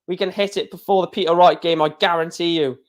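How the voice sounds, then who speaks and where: Excitable man hosting a live reaction. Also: fairly high pitch, quick pace. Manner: chatty, excitable, talks to viewers directly. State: hiccuping. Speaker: live stream host reacting to darts. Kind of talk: casual live commentary.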